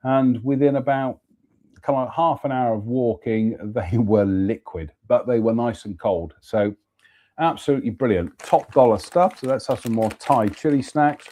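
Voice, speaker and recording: A man's voice: medium pitch, normal speed, mellow. A man, chatting casually as host about a walk and a beer, then reading out a ghost story. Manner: chatty, exclamatory, reads labels aloud.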